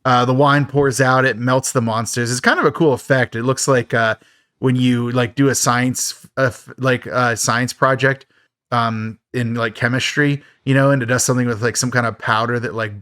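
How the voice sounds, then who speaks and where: A man talks through a film's plot on a podcast, loose and rambling, with lots of fillers and wry asides. His voice sits in a middle pitch. The sound is dry and close to the mic. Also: fairly even intonation, moderate pace, fairly bright tone, no echo. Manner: rambling, filler-heavy, laughs at the film. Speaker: podcast host. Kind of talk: casual film recap.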